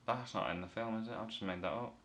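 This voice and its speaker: Man from northern England, rambling comic review, low voice, playful. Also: fast, a bit bright. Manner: rambling, self-correcting, playful. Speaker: movie reviewer.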